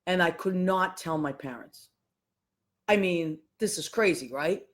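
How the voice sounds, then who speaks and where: A woman, hosting a podcast and telling a family story in a casual, animated way, acting out the voices of the people in it. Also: on the low side, measured pace. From Boston, USA. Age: 50s. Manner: animated, acts out voices of people in her stories. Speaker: podcast host.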